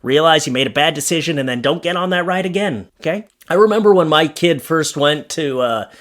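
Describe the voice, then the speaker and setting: A man's voice: on the high side, animated, brisk, a bit bright. Sarcastic man riffing on funny signs. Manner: sarcastic, jokey, talks straight to viewers. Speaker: commentator. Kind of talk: comedic commentary on funny signs.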